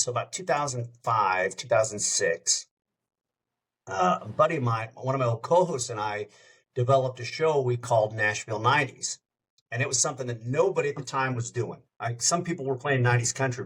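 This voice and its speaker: A middle-aged male radio host, here a podcast guest, tells anecdotes in casual chat, rambling and jumping from one story to the next. His voice is mid-range and a bit bright.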